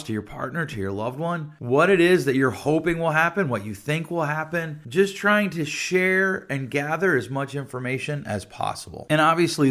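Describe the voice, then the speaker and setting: A man's voice: mid-range voice, fairly bright tone. A man hosting his own podcast as a counselor, explaining ideas earnestly and telling stories from his own life. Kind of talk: solo podcast talk.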